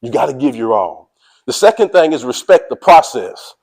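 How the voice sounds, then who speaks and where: Energetic man preaching grit to a team. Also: medium pitch, moderate pace, gravelly, low-quality recording. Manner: energetic, preachy, calls out to listeners; casual slang, drawls "y'all". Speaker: motivational speaker. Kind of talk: motivational speech to a team.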